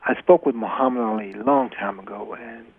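Male guest, gravelly, earnest storyteller who repeats himself for emphasis, phone-line sound. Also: medium pitch, fairly even intonation, fairly quick. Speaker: retired boxer, guest. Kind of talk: interview storytelling. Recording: dry tinny phone line.

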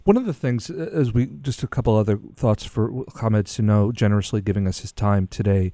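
A man's voice: on the low side, a little fast, warm tone, no echo. A man interviewing a guest, asking long, rambling questions that he restarts as he thinks aloud.

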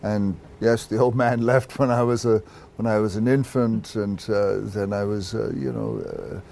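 A man's voice: lowish voice, expressive, normal speed, gravelly, darkish tone, slight background noise. A man in his sixties, born in Ireland, telling stories in a candid interview, reflective and self-deprecating, restarting his sentences often. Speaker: actor guest.

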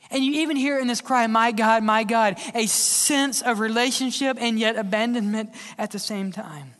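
A man's voice: very high-pitched, measured pace. Preaching man in a reverberant hall. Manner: dramatic swings from loud cries to hushed whispers. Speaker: pastor. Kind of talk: sermon. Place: large church hall. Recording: long church-hall reverb.

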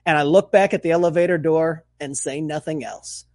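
A man co-hosting a podcast, telling stories in casual banter with animated, profane delivery. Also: on the high side, a little fast, few pauses, no room sound. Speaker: podcast co-host.

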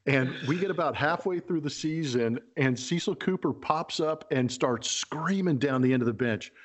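A man's voice: fairly high pitch, normal speed, few pauses. A man who used to play pro baseball, co-hosting a podcast and telling dugout stories in easygoing casual chat. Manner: relaxed, laughs easily, shouts out the manager's lines. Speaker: former baseball player, podcast co-host. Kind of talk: casual sports storytelling.

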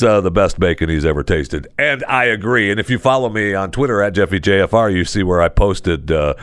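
A man's voice: lowish voice, a bit bright, no echo, clean studio sound. A man hosting a podcast in casual talk, jokey and rambling, reading an ad in his own loose way and teasing himself. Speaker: podcast host.

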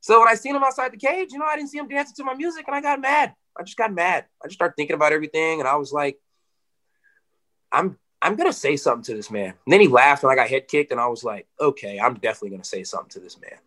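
Man, fighter, fast talker, bright forceful tone, casual interview, animated, swearing. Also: fairly high pitch. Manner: animated, swearing, lots of "you know".

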